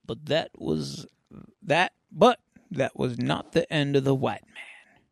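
A man's voice: mid-range voice, slow pace, vocal fry, no room sound, clean studio sound. A man hosting a casual comic book podcast, animatedly retelling a comic and slipping into voices. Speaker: podcast host.

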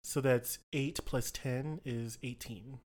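A man's voice: medium pitch, steady tone, slow, a little mellow, no room sound. Hesitant man playing a tabletop game. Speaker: player.

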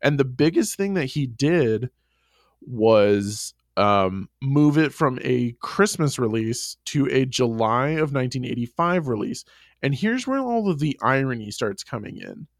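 A man's voice: medium pitch, measured pace, no room sound. Man telling a story, dry close sound. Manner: animated storytelling, swearing, frequent laughs. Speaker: podcast co-host. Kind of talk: casual chat.

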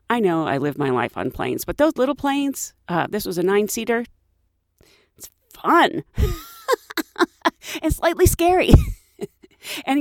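A woman's voice: mid-range voice, no echo, clean studio sound. A woman hosting her own show, telling a personal story in a chatty, self-mocking way and laughing often. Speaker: podcast host.

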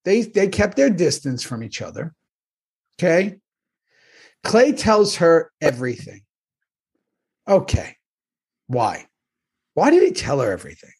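Podcast guy recapping episodes, teasing, kinda high husky voice. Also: wildly swooping pitch, a little slow, long pauses, a little mellow. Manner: teasing, storytelling, chatty. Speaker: podcast co-host. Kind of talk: casual chat.

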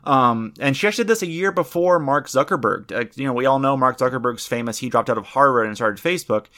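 A man's voice: mid-range voice, fast talker, fairly bright tone. A man hosting a casual podcast chat, rambling with many fillers and restarts. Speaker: podcast host presenting the topic.

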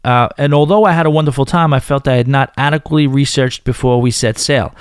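A man's voice: mid-range voice, quick pace, smooth, no echo, studio quality. A man with a Northern New York accent hosting a podcast, chatting casually and reading listener emails with frequent asides. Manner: chatty, self-deprecating, interrupts emails with asides. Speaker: podcast host.

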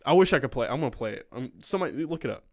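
A young man telling a story in casual chat, animated and acting out the people he quotes. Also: medium pitch, very fast, no room sound, clean studio sound.

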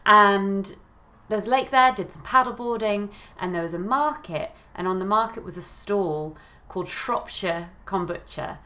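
A woman's voice: medium pitch, moderate pace, sharp tone. A woman co-hosting a podcast in casual chat, talkative and giggly with a self-deprecating streak. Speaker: podcast co-host.

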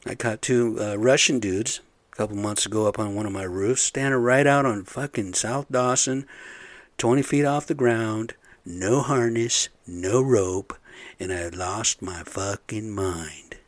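Man, middle-aged, construction supervisor, profane venting, lowish voice, dead dry room. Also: a little slow, dry recording. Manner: profane, blunt, frustrated venting. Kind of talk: casual rant to camera.

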